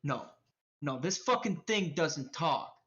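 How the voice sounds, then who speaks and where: A woman's voice: low-pitched, animated, takes it slowly, a bit bright, dull audio, exaggerated voice. A woman voicing a brash, aggressive young street tough who swears constantly and picks fights. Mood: menacing. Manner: profane, swaggering, confrontational.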